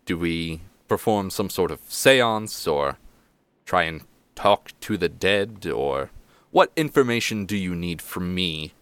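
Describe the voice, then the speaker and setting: A weary, sleepless halfling lord, polite and formal, with a smooth voice, as a man puts him on. He speaks in a close, dry tabletop game recording. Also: low-pitched, expressive, slow, fairly bright tone, no echo, heavily acted. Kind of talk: voicing a character in a tabletop game.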